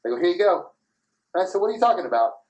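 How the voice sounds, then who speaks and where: A man in his thirties hosting a podcast, telling profane, animated anecdotes in casual chat and laughing as he goes. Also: sits high, rapid-fire, poor audio. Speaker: podcast host.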